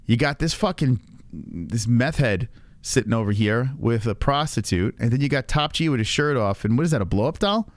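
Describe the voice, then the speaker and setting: A man's voice: mid-range voice, animated, normal speed, no echo. A man hosting a livestream, reacting to a clip with crude, mocking commentary and frequent laughter. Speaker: livestream host.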